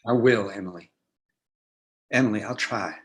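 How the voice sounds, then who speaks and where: A man's voice: fairly low pitch, normal speed, lightly acted. A man reading the part of a nervous young bridegroom, earnest and pleading, in a staged play reading. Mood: tender.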